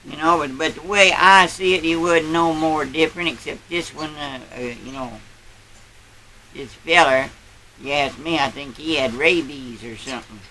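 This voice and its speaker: A man's voice: fairly high pitch, moderate pace, sharp tone, slight background noise, poor audio. A man playing a boastful old country grandpa, telling a rambling tall tale in a folksy drawl. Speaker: storyteller. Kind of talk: character storytelling.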